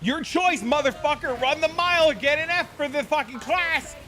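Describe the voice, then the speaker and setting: A man voicing a gruff, bullying high school gym coach who yells profane taunts. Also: normal speed. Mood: taunting.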